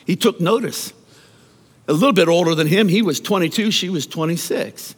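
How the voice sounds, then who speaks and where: A man preaching a sermon, telling stories with lively emphasis and often repeating words as he goes. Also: sits high, normal speed, husky. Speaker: pastor. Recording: long hall reverb.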